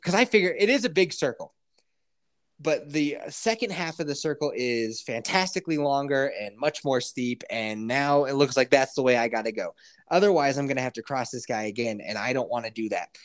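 A man hosting a podcast, telling a story in a casual, animated way, full of swearing and acted-out quotes. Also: medium pitch. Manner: animated, profane, acts out quotes. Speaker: podcast host.

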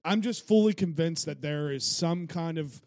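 A man co-hosting a podcast in casual chat, swearing freely and talking in an animated way. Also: on the high side, moderate pace, dry recording, clean studio sound. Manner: profane, animated, laughs often. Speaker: podcast co-host.

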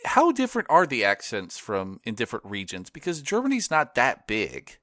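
Man, podcast host, casual film talk, lively up-and-down pitch, dry mic. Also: moderate pace, no echo. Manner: animated, laughs often, many restarts.

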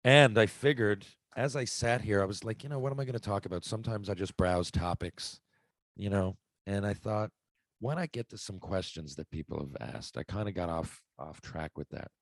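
Podcast host, man, deep, dry close sound, loose and conversational. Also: normal speed, no echo. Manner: rambling, conversational, self-interrupting. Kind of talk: casual solo podcast monologue.

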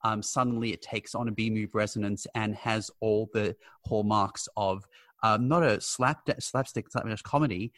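A man discussing a film in casual conversation, analytical and critical, speaking in a measured way. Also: on the low side, steady tone, fairly bright tone, no echo. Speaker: film podcast panelist.

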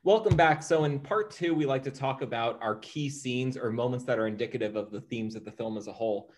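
Measured man hosting a film chat. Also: medium pitch. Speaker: podcast co-host. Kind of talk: casual film discussion.

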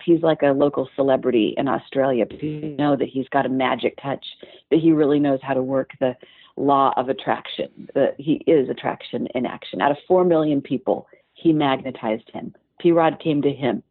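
A woman's voice: low-pitched, dry recording. A woman telling a story as a podcast guest, bringing the people in it to life with quoted voices. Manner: animated retelling with quoted voices. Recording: dry, phone-like narrow sound.

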